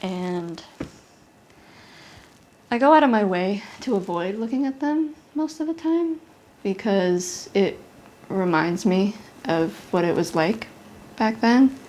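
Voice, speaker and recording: A young adult woman performing a confessional comedy monologue, intense and halting, with an emotional delivery. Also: medium pitch, lively intonation, darkish tone, a little hiss or hum. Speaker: solo comedian. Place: apartment.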